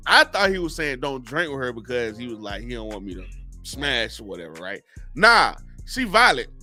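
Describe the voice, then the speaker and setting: A man's voice: mid-range voice, big pitch swings, normal speed, pushed and bright, soft background music. A man co-hosting a casual podcast, telling a wild drinking story with lots of slang, laughing as he goes. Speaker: podcast co-host.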